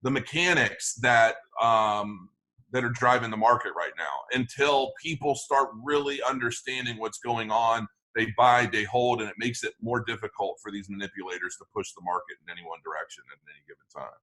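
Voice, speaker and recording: A man's voice: medium pitch, normal speed, sharp tone. A man talking as a guest in an interview, rambling with many restarts and fillers. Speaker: crypto channel guest. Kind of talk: conversational interview.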